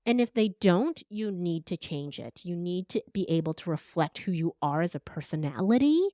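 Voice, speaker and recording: A woman guest on a podcast interview, a voice coach talking in an expressive, animated conversational way. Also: on the low side, normal speed, no room sound, clean studio sound. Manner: expressive, animated, uses air quotes verbally.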